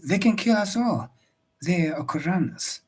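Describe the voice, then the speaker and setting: A man's voice: high voice, lively intonation, unhurried, mellow, slightly rough, pitched above the performer's own voice, exaggerated voice. A man doing a frightened male servant. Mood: fearful. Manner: urgent, fearful warning.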